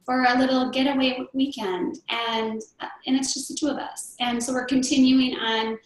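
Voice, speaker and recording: A woman's voice: high voice, steady tone, moderate pace. A middle-aged woman chatting as an interview guest, rambling with many fillers and restarts. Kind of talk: casual chat. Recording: very echoey room.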